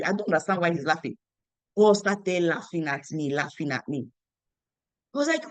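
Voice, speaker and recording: A young network marketing team leader with a lowish voice speaks at a moderate pace, pausing often, with no echo. Her motivational business story is animated, full of repeated phrases and dialogue she acts out.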